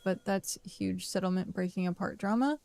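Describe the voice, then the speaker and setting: Young adult woman, game streamer, tired and rambling casual chat, gravelly fry in a mid-height voice. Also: medium pitch, normal speed, mellow, a little hiss or hum. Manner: rambling, talks to herself and chat. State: tired, yawning. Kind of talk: casual live-stream chat while playing.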